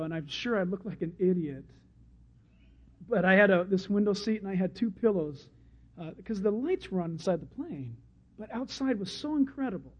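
A man preaching a sermon as pastor, animated and storytelling, slipping into other people's voices. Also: high-pitched, slightly rough. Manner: animated storyteller who acts out crowd voices. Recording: dull lo-fi sermon recording.

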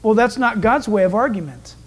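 A male pastor preaching a Bible-teaching sermon in an animated, emphatic way, acting out the voices of people in his stories. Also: high voice, a little fast, a little hiss or hum. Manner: animated, emphatic storytelling that acts out quoted voices. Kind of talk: expository sermon.

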